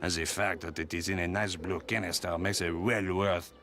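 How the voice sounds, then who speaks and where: A smooth French flea market dealer. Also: male voice, sits low, steady tone, normal speed, pushed and bright. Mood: salesy. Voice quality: salesman patter, courtly and persuasive. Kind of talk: video game character dialogue. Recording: noisy game audio.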